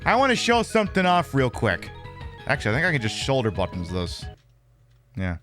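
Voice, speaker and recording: A man's voice: medium pitch, huge pitch swings, brisk, a bit bright, soft background music. A man hosting a live game stream, chatting casually and cracking crude jokes.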